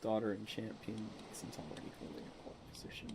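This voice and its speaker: A man's voice: on the low side, a little fast, gravelly, heavy background noise. A man casually commenting on his strategy game, muttering the text on screen half to himself and breaking into baffled outbursts. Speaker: gameplay streamer. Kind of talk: casual let's-play commentary.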